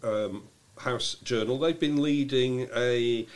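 A man co-hosting a casual chat show, wry and joking as he reads out letters from listeners. His voice sits in a middle pitch. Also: slow pace. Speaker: podcast co-host.

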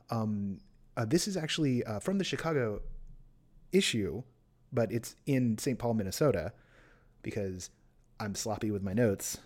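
A man's voice: fairly low pitch, lively intonation, moderate pace, pauses often, darkish tone. A man hosting a podcast in a casual chat, running through event listings with playful, self-mocking asides. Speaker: podcast host.

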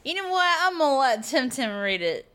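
Female co-host, lively, crisp bright tone, banters and ribs her partner. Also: high-pitched, slight background noise. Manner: teasing, quick comebacks, laughs often. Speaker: podcast co-host. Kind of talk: casual chat.

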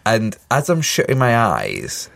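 A man, co-hosting a podcast and telling a story in a jokey, drawn-out way. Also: mid-range voice, huge pitch swings, creaky, a bit bright, a little hiss or hum. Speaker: podcast co-host. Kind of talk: casual chat.

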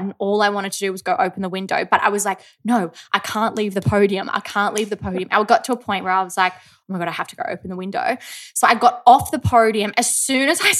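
A woman's voice: medium pitch, bright, forceful tone. A young woman co-hosting a podcast, telling a story in chatty, casual talk with some swearing. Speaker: podcast co-host. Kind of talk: casual chat.

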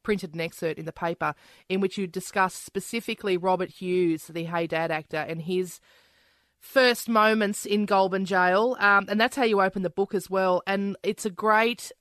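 A woman's voice: mid-range voice, fairly even intonation, normal speed, fairly bright tone, no room sound. A woman hosting an interview, engaged and asking follow-up questions. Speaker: interviewer host. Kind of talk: radio-style interview.

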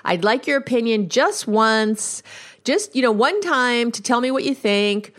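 A woman's voice: fairly high pitch, expressive, a little slow, voice pushed up. A woman voicing a frustrated wife in her sixties who keeps pressing her husband for an answer. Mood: insistent. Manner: insistent, repeating herself.

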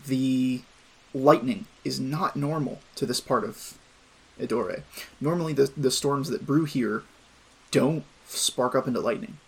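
A man narrating and running a tabletop game, explaining rules calmly. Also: medium pitch, a little slow, creaky, breathy edge. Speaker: game master.

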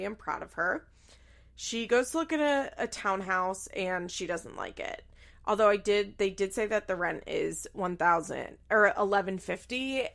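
A young woman casually recapping a reality show, gossipy and quick to laugh, acting out what people said. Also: mid-range voice, gravelly, fairly bright tone. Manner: gossipy, acts out quotes with laughs. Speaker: recap commentator.

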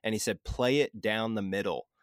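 A man hosting a podcast in casual chat, relaxed and conversational, swearing freely. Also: fairly low pitch, moderate pace, no room sound, clean studio sound. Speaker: podcast host.

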